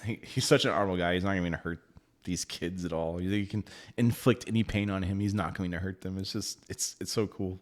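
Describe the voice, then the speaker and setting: Laughing, animated man with a low voice. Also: quick pace. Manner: animated, laughs often, swears casually. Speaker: book reviewer. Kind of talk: casual book review chat.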